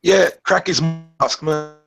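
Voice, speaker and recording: A man's voice: fairly high pitch, slow pace, vocal fry, a bit bright, faint music behind. A man taunting someone in an online voice chat, needling her with repeated jibes. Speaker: voice chat room participant. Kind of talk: mocking online voice chat banter.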